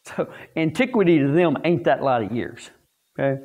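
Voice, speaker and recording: A man's voice: a little high, animated, moderate pace, a little mellow. A man teaching a Bible lesson to staff, folksy, asking the class questions and answering them himself.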